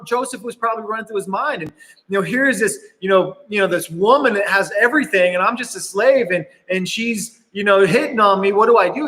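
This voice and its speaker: A man's voice: sits high, sharp tone. A young man preaching to students as a youth pastor, telling a story in a casual, earnest way with lots of fillers. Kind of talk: youth sermon. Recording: reverberant hall.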